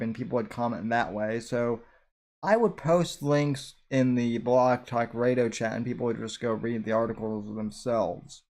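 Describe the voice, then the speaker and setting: A man's voice: mid-range voice, a little mellow. A man hosting a podcast, chatting casually in rambling, self-deprecating asides. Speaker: podcast host. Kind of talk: casual chat, commentary on an old episode.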